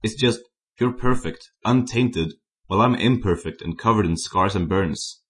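A man's voice: on the low side, normal speed, fairly bright tone, natural voice. A man voicing a timid, flustered young male zombie hunter who stammers.

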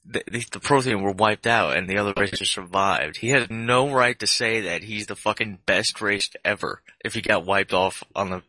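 Very deep, bright-edged man ranting. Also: normal speed, few pauses, dry recording, poor audio. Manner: hesitant, then ranting. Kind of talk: casual gaming chat.

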